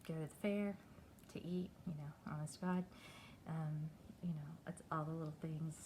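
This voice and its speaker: Candid woman, low mellow voice. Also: fairly even intonation, slight background noise, low-quality recording. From Texas. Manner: candid, halting, chatty. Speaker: vlogger. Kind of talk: personal video diary.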